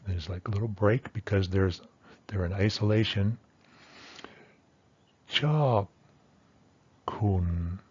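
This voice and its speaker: A man's voice: lowish voice, steady tone, moderate pace, darkish tone, breathy edge, highs cut off. A man teaching a language lesson, patiently explaining and sounding out example words one by one. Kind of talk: explaining pronunciation at a whiteboard.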